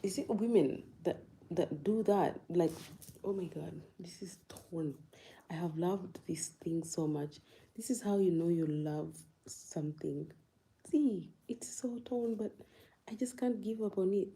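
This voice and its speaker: A young woman from Uganda talks slowly on her livestream, with a warm, dark, mellow tone. She chats loosely, laughs a lot and replies to viewers' comments one by one. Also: lowish voice, rough recording. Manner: chatty, laughs often, reads and answers viewer comments. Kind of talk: casual live-stream chat.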